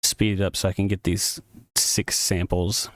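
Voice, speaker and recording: A man's voice: low voice, little pitch movement, a little slow, no echo, clean studio sound. A man streaming a music tutorial, talking casually and thinking aloud, often correcting himself and apologizing in an easygoing way. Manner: casual, rambling, self-correcting. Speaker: streamer composing game music.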